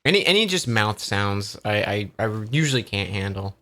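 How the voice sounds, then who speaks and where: A man's voice: fairly low pitch, big pitch swings, normal speed, bright, forceful tone. A young man chatting casually with his viewers while streaming a video game, rambling, repeating words and swearing now and then. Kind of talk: casual live-stream chat while gaming.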